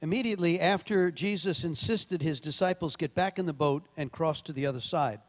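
High-voiced preaching man, reverberant hall. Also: fairly quick. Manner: conversational preaching with emphatic bursts. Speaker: pastor. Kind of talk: sermon with scripture reading.

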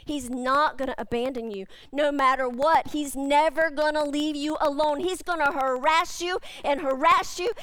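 High-voiced woman pastor preaching emphatically. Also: steady tone, normal speed, few pauses, a bit bright, dry recording. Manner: emphatic, repeating key phrases. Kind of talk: sermon.

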